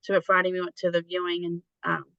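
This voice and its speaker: A woman's voice: lowish voice, monotone, fast, gravelly, dry recording, highs cut off. Woman guest telling stories, dry sound. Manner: storytelling, laughs easily. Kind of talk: casual conversation.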